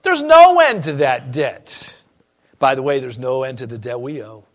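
A male pastor preaching a sermon to a congregation, reading scripture and moving between loud emphasis and quiet, personal asides. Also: mid-range voice, moderate pace.

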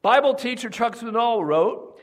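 A man's voice: very high-pitched, animated, a little slow. A man preaching a sermon as pastor, emphatic and often asking the congregation questions.

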